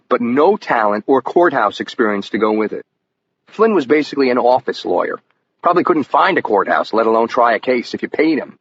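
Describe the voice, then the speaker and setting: Guy reading a legal thriller audiobook, steady and measured, kinda muffled lo-fi sound w/ faint hiss. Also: medium pitch. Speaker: audiobook narrator. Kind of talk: scripted first-person audiobook narration.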